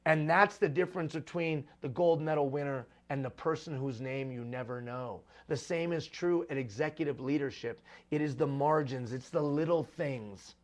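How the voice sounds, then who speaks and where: A man's voice: on the high side, normal speed, hardly any pauses. A man giving a live motivational talk to executive leaders. He speaks emphatically and repeats refrains for rhetorical effect.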